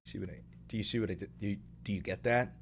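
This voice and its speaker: A man hosting a live stream in casual chat, ranting excitably with a lot of swearing. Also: fairly low pitch, fast talker, a little hiss or hum.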